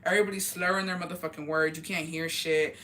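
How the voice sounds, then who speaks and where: Fast-talking young woman telling gossip. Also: deep voice. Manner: animated, profane, rapid storytelling. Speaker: vlogger. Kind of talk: storytime gossip vlog.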